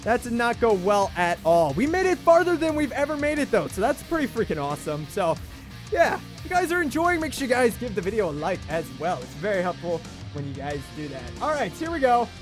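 A young man streaming a game live, chatting with viewers in an excitable, jokey way and repeating himself when he panics. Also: high voice, brisk, faint music behind. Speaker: gaming livestreamer. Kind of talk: excitable live gameplay commentary.

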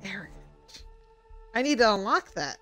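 A woman's voice: mid-range voice, sing-song, moderate pace, faint music behind. A woman streamer commentating a horror game as she plays, swearing a lot and laughing at her own mistakes. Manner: swings between loud shouted outbursts and muttering. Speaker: gaming streamer. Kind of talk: let's-play commentary.

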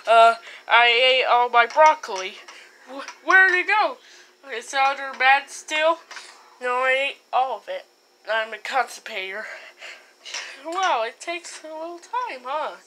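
A woman voicing every character in a homemade comedy skit, mumbling some lines and shouting others. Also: sits high, animated, slow pace, a little hiss or hum. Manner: switches between mumbling lines and sudden shouting. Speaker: amateur puppet-movie maker voicing all characters.

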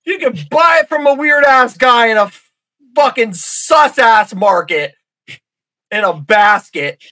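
Animated, bright-voiced young man joking. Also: very high-pitched, slow. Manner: joking, crude, acts out scenes in silly voices. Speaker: podcast co-host. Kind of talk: casual comedic chat.

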